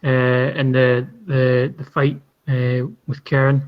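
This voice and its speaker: A man's voice: mid-range voice, flat delivery, slow pace, clear, resonant tone. Hesitant man, dull lo-fi sound. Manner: hesitant, many restarts, amused. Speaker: panel guest. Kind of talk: casual panel chat.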